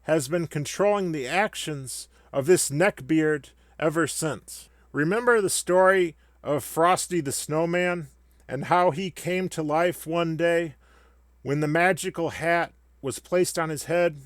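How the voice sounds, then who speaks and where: Brief: sarcastic male commentator, slow deliberate pace, slightly high voice, dry mic. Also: dry recording. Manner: sarcastic, mock-solemn. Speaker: satirical commentator. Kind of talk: scripted comedic rant.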